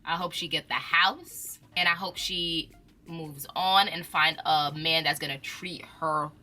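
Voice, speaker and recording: A woman's voice: low-pitched, unhurried, faint music behind. A young woman, chatting casually about reality TV with lots of slang and laughter. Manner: animated, chatty, uses slang and laughs often. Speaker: reality TV commentator. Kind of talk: casual chat.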